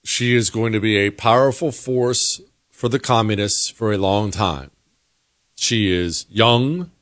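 A man's voice: on the low side, unhurried, a bit bright, no room sound, clean studio sound. A man hosting a political commentary monologue, talking in an opinionated, emphatic way. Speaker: host.

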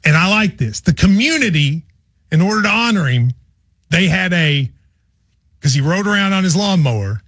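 A male radio host from Kentucky chatting easily with his co-hosts. His voice is a touch husky and a little high, with lively swings in pitch. The sound is dry and close. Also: moderate pace, no room sound. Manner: chatty storyteller, laughs often. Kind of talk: casual radio chat.

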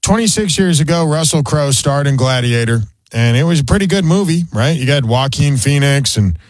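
A man's voice: a little high, animated, normal speed, dry recording. Guy cohosting a talk show, joking and opinionated, voice bouncing up and down, dry close sound. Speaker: radio show co-host. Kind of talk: casual talk show banter.

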